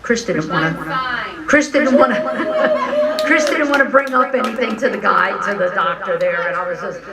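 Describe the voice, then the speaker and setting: Animated preacher, distant mic, crowd noise. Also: medium pitch, brisk. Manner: animated storytelling, frank and joking. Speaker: minister. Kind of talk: conversational sermon. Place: church or spiritual center, live service.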